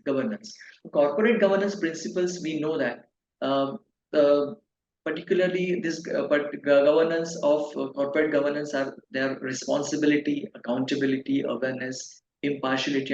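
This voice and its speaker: A man in his fifties, a pharma consultancy director answering interview questions in a halting way, with many fillers and restarts. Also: on the high side. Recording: echoey, dull, faint noise.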